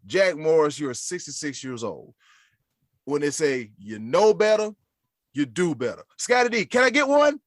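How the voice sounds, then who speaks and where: A man's voice: fairly high pitch, very animated, moderate pace, no echo, clean studio sound. A man co-hosting a sports podcast in casual, playful chat, full of catchphrases. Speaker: podcast co-host.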